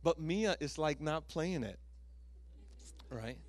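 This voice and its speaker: A male pastor preaching a sermon with lively storytelling, acting out voices and laughing at himself. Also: a little high, slow pace.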